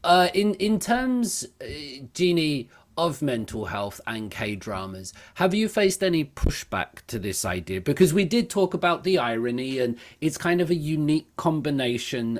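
A man interviewing a guest in casual conversation, often stammering as he starts his sentences. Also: mid-range voice.

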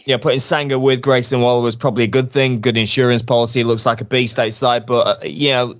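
A man's voice: mid-range voice, fairly even intonation, fast talker. A man as a guest on a podcast, chatting about wrestling with keen enthusiasm. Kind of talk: casual wrestling chat.

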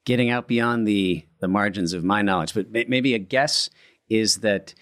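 A man guest on a podcast in casual chat, measured and informative as he lays out facts. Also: on the low side, a bit bright, dry recording, studio quality.

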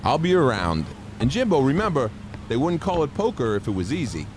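A man's voice: mid-range voice, huge pitch swings, fairly quick, darkish tone, slight background noise, voice pushed up. A man voicing a goofy, overeager male sidekick with dopey, bouncy delivery.

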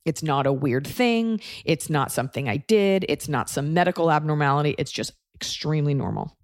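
A woman's voice: sits low, animated, a little fast, no echo, clean studio sound. Candid woman telling a wry personal story.

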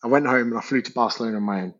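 A podcast guest chats casually in a medium-pitched, fairly bright male voice, talking rapid-fire. He's candid, swears freely, and acts out the people he quotes. The audio is dull and lo-fi.

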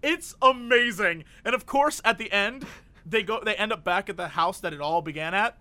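A man's voice: sits high, moderate pace, sharp tone. A man co-hosting a casual comedic show, rambling and joking, often laughing. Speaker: co-host. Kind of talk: casual comedic podcast chat.

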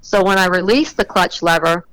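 A middle-aged woman being interviewed on a podcast, telling an animated story about her racing and acting out the voices of the people in it. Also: fairly low pitch, normal speed, no room sound, low-quality recording. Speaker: drag racing motorcycle rider, guest.

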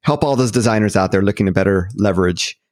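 A man's voice: on the low side, fast, a little mellow, no room sound, studio quality. A man as a podcast guest, upbeat and explaining at length in a casual interview. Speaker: podcast guest, marketing educator.

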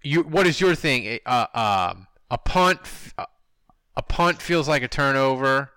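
A man's voice: mid-range voice, animated, measured pace, pushed and bright, clear, resonant tone, no echo. A man hosting a podcast, chatting casually and animatedly with his co-hosts. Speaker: podcast host. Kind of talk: casual chat.

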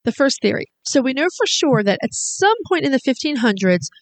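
A woman's voice: high voice, very animated, fairly quick. A woman co-hosting a casual podcast who explains things at length. She talks in an informative, chatty way. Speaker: podcast co-host. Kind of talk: casual chat.

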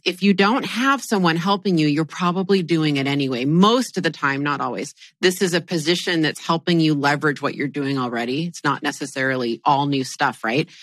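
A low-pitched woman hosting a podcast, chatting in a lively, laughing way and restarting her sentences as ideas tumble out. Her voice is dry and close to the mic, with no room sound around it. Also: no room sound. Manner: animated, laughs often, quick restarts. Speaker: podcast host. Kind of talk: casual podcast chat.

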